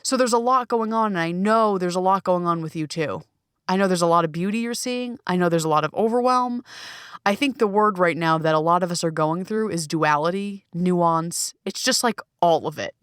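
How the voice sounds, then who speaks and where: A woman's voice: fairly low pitch, normal speed, clean tone, no room sound, clean studio sound. Candid, profane woman podcast host. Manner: candid, profane, emphatic and expressive. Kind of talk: solo podcast monologue. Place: small recording closet.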